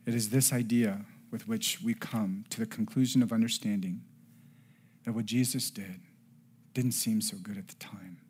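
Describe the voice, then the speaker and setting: A man in his forties preaching a sermon, dropping to soft near-whispers and then rising to emphatic passages, and telling a family story with acted-out dialogue. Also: fairly low pitch, steady tone, normal speed, husky. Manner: swings between hushed near-whispers and raised emphatic passages. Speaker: pastor.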